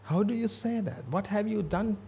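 A man's voice: high voice, normal speed, gravelly, warm tone, a little hiss or hum. A man giving a Buddhist sermon in a blunt, emphatic way, repeating himself for stress. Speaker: Buddhist monk.

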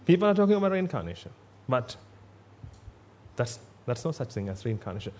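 A man's voice: mid-range voice, very animated, brisk, mellow. A man giving a Buddhist sermon in a blunt, emphatic way, repeating himself for stress. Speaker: Buddhist monk.

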